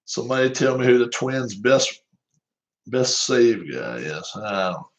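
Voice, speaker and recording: A man's voice: medium pitch, lively intonation, unhurried, low-quality recording. Chuckling Southern man calling a game. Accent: Southern American. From American South. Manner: chuckles often, rambling, self-deprecating. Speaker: host replaying a tabletop baseball game. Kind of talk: casual play-by-play chat.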